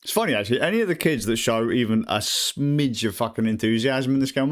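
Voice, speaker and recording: A man's voice: medium pitch, fast, few pauses. A man with a British accent, swearing and joking through casual gameplay commentary. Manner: crude, joking, swears a lot. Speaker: gaming streamer. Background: faint game music.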